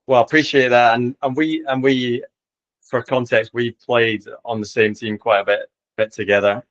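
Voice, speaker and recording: A man in his forties from Edinburgh with a Scottish accent, talking in a relaxed, friendly way as a podcast guest, with fillers and repeats. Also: medium pitch, moderate pace, muffled recording. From Scotland, Edinburgh. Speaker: tennis coach, podcast guest. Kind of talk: casual interview chat.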